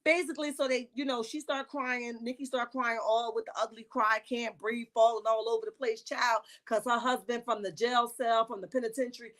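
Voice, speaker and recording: A woman, recapping a reality show on a casual livestream with sassy, animated asides. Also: on the high side, a little fast, few pauses.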